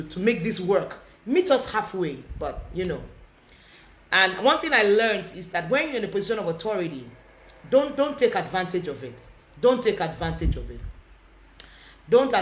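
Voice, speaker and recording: A woman's voice: medium pitch, fairly bright tone. Impassioned woman talk host in echoey room. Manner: impassioned, repeats herself, many restarts. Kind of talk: emotional casual chat. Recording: roomy echo.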